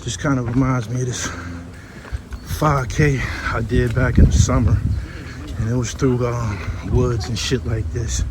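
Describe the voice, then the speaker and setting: A slightly winded man talks straight into his phone while hiking an outdoor trail, his manner blunt, profane and joking. Plenty of background noise rides under his mid-pitched voice. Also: flat delivery, a little slow. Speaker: vlogger host. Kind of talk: casual travel vlog.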